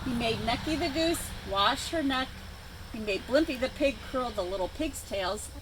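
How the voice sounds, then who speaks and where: A woman librarian reading a picture book aloud to children outdoors by a chicken coop, with expressive storytelling. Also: on the high side, normal speed. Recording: outdoor noise with farm animals.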